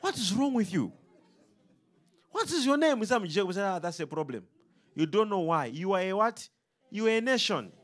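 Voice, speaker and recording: A man preaching a sermon to a congregation, animated and full of call-and-response questions. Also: high voice, fairly quick.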